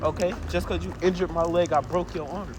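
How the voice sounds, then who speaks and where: A man's voice: sits high, fairly even intonation, a little fast, background noise. A man improvising a what-if story in casual chat, trading playful trash talk and swearing freely. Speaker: co-host.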